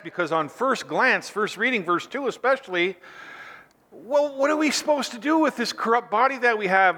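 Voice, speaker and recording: A man's voice: high voice, bright, forceful tone, big-room sound. A man preaching a sermon as pastor, stretching key phrases out for emphasis.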